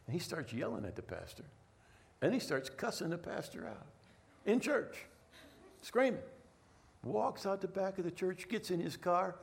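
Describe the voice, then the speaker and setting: A middle-aged man preaching a sermon, telling a personal story with lively asides and frequent "right?" checks. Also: medium pitch, gravelly. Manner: animated storytelling, repeats words, asks "right?". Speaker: pastor.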